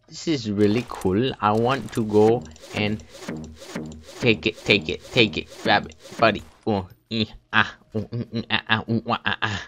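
A man giving let's play commentary, muttering and humming to himself as he plays, with sudden loud excited outbursts. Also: on the low side, normal speed. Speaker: gaming video host.

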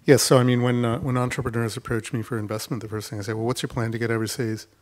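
Animated man on a festival panel. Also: mid-range voice, fast. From United States. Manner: animated storytelling, acting out mock quotes. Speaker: investor panelist. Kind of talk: panel discussion. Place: festival stage.

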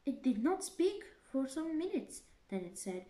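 A woman reads a children's story aloud in a careful, deliberate way, now and then restarting a phrase. Her voice is high and she reads slowly. The recording has a clear room echo. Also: sing-song, warm tone. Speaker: reader. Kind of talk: slow storybook read-aloud.

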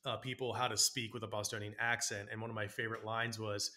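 A man's voice: on the low side, little pitch movement, quick pace, sharp tone. A man hosting a podcast, asking questions in a playful, joking way and laughing a lot. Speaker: podcast host. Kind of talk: conversational podcast interview.

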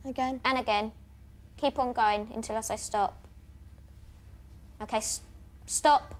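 A woman's voice: fairly high pitch, fairly even intonation. Young British girl calling out directions. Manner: quick, plain directions. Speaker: contestant guiding a blindfolded player.

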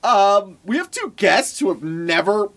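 A man's voice: high-pitched, lively intonation, measured pace, a bit bright. A man who is a voice actor and podcast host, talking casually to viewers in a chatty, slightly apologetic way. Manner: chatty, self-promoting, lightly apologetic.

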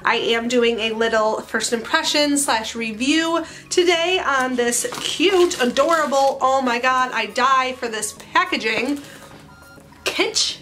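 A woman's voice: high-pitched, measured pace, few pauses, sharp tone. A woman in her twenties, a hairstylist chatting casually in a bubbly, self-mocking way for a vlog. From Central Illinois. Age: 20s.

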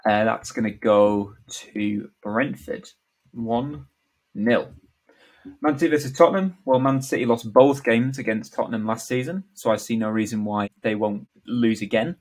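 A man at an ordinary middle pitch talking alone through his predictions. He is offhand and joking, and fills the gaps with "um" and "uh" as he goes. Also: low-quality recording. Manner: offhand, joking, many fillers. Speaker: vlogger. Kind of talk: casual predictions commentary.

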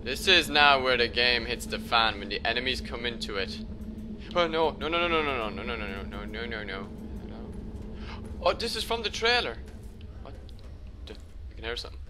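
A young man giving casual gameplay commentary as a let's play host, joking, swearing often and reacting loudly when startled. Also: mid-range voice, expressive, normal speed, noisy background. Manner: jokey, swears a lot, loud startled reactions.

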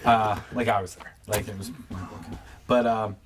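A man's voice: lowish voice, fairly even intonation, normal speed, background noise. A man hosting an interview, asking long, chatty questions full of fillers. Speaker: interview host. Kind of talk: casual interview chat.

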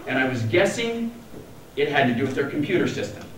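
A man's voice: a little high, big pitch swings, a little fast. A man in his forties from Colorado telling a story at a conference in a wry, self-deprecating, joking manner. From Denver, Colorado, USA. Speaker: conference speaker. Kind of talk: humorous keynote storytelling. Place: large conference hall. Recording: echoey hall, distant mic, faint noise.

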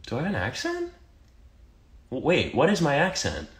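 A man's voice: a little high, wildly swooping pitch, moderate pace. A man with an American accent, reading fan comments aloud on a phone livestream and answering them in a wry, teasing way. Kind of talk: casual livestream Q&A.

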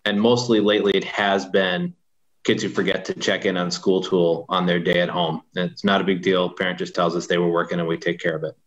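A man's voice: deep voice, level tone, brisk, muffled recording. A man, a school administrator, answering an attendance question in a helpful, matter-of-fact way over a video call. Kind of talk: virtual town hall Q&A.

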